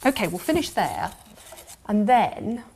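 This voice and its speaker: A British woman presenting a beauty segment on television in a studio kitchen, brisk, upbeat and instructive as she demonstrates a home recipe step by step. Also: medium pitch, very animated, a little mellow, husky.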